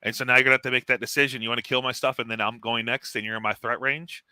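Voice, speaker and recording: A man talking tabletop strategy as a guest, animated and blunt, laughing often. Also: medium pitch, racing, clean tone, no room sound. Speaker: guest tournament player. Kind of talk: casual gaming strategy chat.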